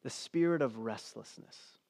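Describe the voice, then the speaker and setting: A middle-aged male pastor preaching a sermon in a church, swinging between hushed near-whispers and loud emphatic declarations. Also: mid-range voice, a little slow, vocal fry. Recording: long hall reverb.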